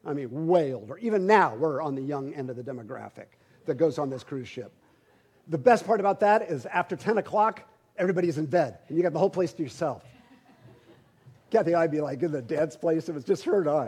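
A man's voice: on the high side, darkish tone, slightly rough. A middle-aged man, a pastor, preaching a sermon through a humorous, conversational personal story, often repeating words as he starts sentences.

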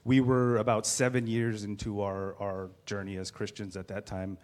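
A man in his thirties shares a personal story as a guest in a candid, animated way. His voice sits a little low, and he pokes gentle fun at himself. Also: normal speed.

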